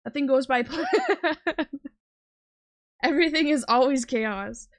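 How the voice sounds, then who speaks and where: A woman livestream host chatting casually from her home setup. Her voice sits a touch high, and she rambles through plenty of ums and giggles as she talks to her viewers. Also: measured pace. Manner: rambling, lots of fillers, giggly. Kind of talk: casual chat.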